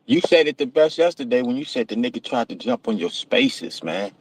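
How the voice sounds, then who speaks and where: A man's voice: mid-range voice, lively intonation, brisk. A man chiming in as co-host with brief agreeing interjections.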